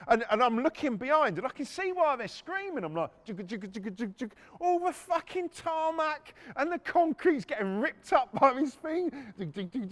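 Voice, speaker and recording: A middle-aged podcast host with a very high-pitched voice tells a story casually and profanely, animatedly acting out people shouting and machines making noise.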